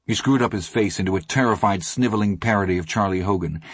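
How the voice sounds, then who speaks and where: A man narrating an audiobook in a steady, measured way. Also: fairly low pitch, slightly rough, dry recording, clean studio sound.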